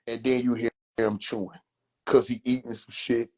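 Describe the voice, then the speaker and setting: A man telling a comedic story on a phone livestream in an animated, drawn-out way. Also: mid-range voice. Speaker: livestream host.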